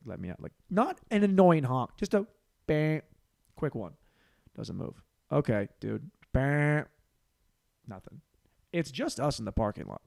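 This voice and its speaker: A man in his thirties running a solo comedy podcast, his voice sitting a touch high for a man. He swings up and down a lot, acting out every character in his stories. His delivery is loose and full of swearing. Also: gravelly. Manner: animated storyteller acting out voices, swearing freely.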